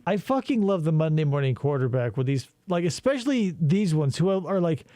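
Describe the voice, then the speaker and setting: A man with a high, lively voice that swings widely as he rambles and swears through sarcastic podcast commentary. The sound is dry and close. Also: a little fast, no echo. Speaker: podcast co-host. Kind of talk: casual profane commentary.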